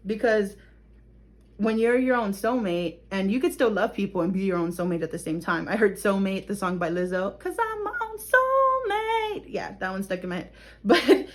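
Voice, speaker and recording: A woman's voice: mid-range voice, normal speed. Chatty woman giving a tarot reading. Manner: chatty, laughs often, repeats "okay?". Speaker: tarot reader. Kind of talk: casual tarot reading to camera.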